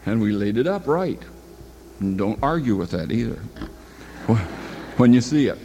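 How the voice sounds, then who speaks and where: A man's voice: mid-range voice, very animated, normal speed, dark tone, a little hiss or hum. Folksy older man spinning a story. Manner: meandering, self-correcting, folksy. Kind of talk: rambling spoken anecdote.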